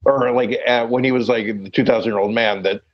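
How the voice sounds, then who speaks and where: A man's voice: mid-range voice, steady tone, fairly quick, lo-fi sound. A man chatting casually as a podcast co-host, rambling and searching for words with many fillers. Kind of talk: casual chat.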